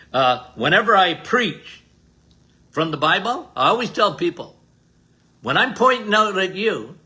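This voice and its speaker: Older guy doctor on a podcast, slow and emphatic, sounds like he's preaching, voice bouncing all over. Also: fairly high pitch, sharp tone. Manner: emphatic, repetitive, folksy preacher-like delivery. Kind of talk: casual health talk monologue.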